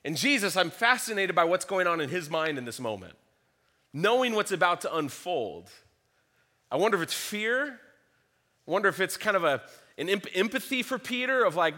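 A man's voice: high-pitched, big pitch swings, moderate pace, bright, forceful tone. A man preaching a sermon, earnestly teaching through a scripture passage and reading verses aloud. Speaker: pastor.

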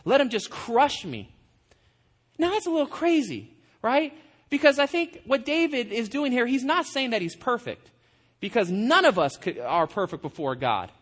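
A man's voice: very high voice, big pitch swings, normal speed, fairly bright tone. A man preaching a sermon in a conversational style, with rhetorical questions and self-deprecating humor. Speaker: pastor.

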